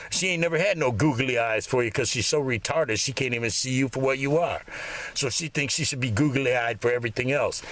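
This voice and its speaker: A man's voice: mid-range voice, no room sound. A man delivering an angry, profane, mocking monologue straight to the camera. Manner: loud and heated, then quieter and lecturing. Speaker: vlogger.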